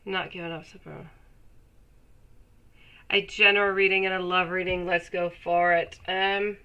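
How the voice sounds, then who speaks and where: A woman with a cold and a stuffy, nasal voice, chatting warmly with her viewers while reading tarot on a live stream. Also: mid-range voice, flat delivery, slow, creaky, long pauses, dull audio. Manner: chatty, affectionate, laughs often. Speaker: tarot reader.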